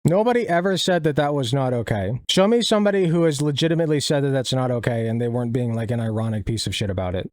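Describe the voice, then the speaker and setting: A man's voice: medium pitch, animated, quick pace, hardly any pauses, a little mellow, no room sound. A young man streaming casual commentary as he reacts to clips, sarcastic and profane.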